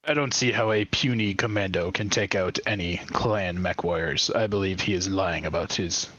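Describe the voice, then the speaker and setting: A man voicing an arrogant male mech pilot who talks slow, boastful trash talk. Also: low voice, a bit bright, no echo, dull audio. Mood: menacing, boastful.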